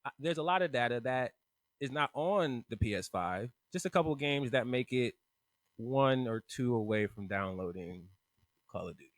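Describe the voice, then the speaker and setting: A man co-hosting a casual podcast, telling a story in an animated, profane way and acting out the voices of the people in it. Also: mid-range voice, moderate pace, no room sound. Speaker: podcast co-host.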